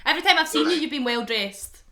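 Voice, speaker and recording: A woman's voice: sits high, expressive, fast talker, crowd noise. A woman co-hosting a casual chat, teasing the guests playfully. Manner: teasing, playful, laughs often. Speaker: podcast co-host.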